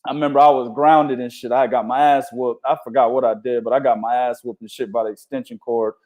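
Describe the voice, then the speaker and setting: Co-hosting a casual boxing podcast, a man with a medium-pitched voice talks at a quick pace. His storytelling is animated, profane, and heavy on slang.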